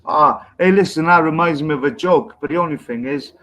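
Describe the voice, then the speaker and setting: A man's voice: on the high side, brisk, bright, forceful tone, rough recording. A man with an English accent, co-hosting a casual chat and telling rambling jokes, swearing freely. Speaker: podcast co-host. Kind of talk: casual pub-style banter, telling jokes.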